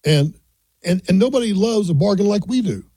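A man's voice: high voice, lively intonation, fairly quick, warm tone, husky, dry recording, low-quality recording. An older man hosting a talk radio show, giving folksy, opinionated commentary.

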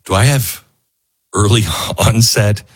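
A man hosting a talk radio show, rambling and animated as he jumps from aside to aside and reads ads in his own words. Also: lowish voice, takes it slowly. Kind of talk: talk radio monologue with host-read ads.

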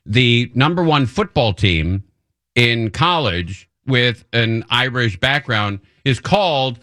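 A radio host with a bright, forward voice that cuts through the room. This man ribs his guest in easy, chummy banter during a casual on-air chat. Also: medium pitch, lively intonation, takes it slowly.

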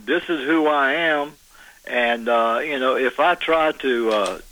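A man's voice: mid-range voice, unhurried, pushed and bright, a little hiss or hum, rough recording. A man from Tennessee with a Southern accent, calling in to a radio show and joking in a folksy drawl. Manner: folksy drawl, good-old-boy banter. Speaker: caller. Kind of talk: radio call-in chat.

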